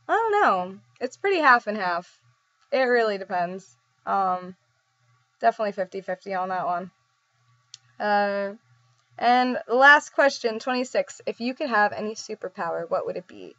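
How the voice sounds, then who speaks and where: A young woman chatting casually to camera, rambling and self-deprecating, often breaking into giggles, at a middling pitch. The sound is dry and a bit dull and lo-fi, with no room echo. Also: fairly bright tone. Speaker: vlogger. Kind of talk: casual chat.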